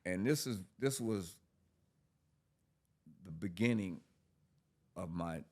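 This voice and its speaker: A man's voice: low voice, takes it slowly. A man casually telling his recovery story on a podcast, profane and street-talking. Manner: profane, street-talking, animated when quoting. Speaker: podcast guest.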